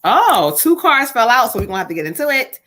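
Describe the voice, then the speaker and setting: A woman's voice: fairly high pitch, very animated, quick pace, pushed and bright. A woman hosting a live tarot reading, blunt and emphatic and full of profanity. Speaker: livestream host and tarot reader.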